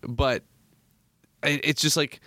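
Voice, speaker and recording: Guy on a podcast telling funny work stories, kinda high voice, dry studio sound. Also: slow, no room sound. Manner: animated storyteller, jokey asides. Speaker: comedy producer, guest. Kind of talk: casual podcast chat.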